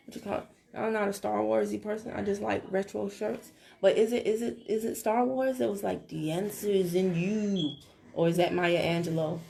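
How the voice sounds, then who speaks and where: Sassy Southern woman with gravelly edge. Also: medium pitch. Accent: Southern American. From American South. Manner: sassy, joking, talks straight to viewers. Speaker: network marketing team leader. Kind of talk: casual live-stream talk. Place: home, live video.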